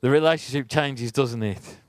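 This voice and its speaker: A man's voice: mid-range voice, moderate pace, no echo. A man giving a conversational sermon, telling a personal story and asking the congregation rhetorical questions. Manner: chatty, asks the audience rhetorical questions. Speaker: church speaker.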